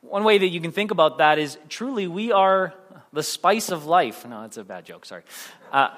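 A man's voice: on the high side, lively intonation, moderate pace, fairly bright tone, big-room sound. A male preacher giving a sermon in a casual, rambling way, with restarts and self-deprecating jokes.

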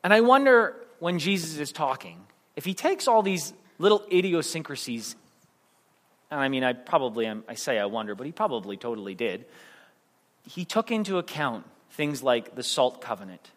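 A man's voice: fairly high pitch, sing-song, normal speed, a bit bright, big-room sound. A male preacher giving a sermon in a casual, rambling way, with restarts and self-deprecating jokes.

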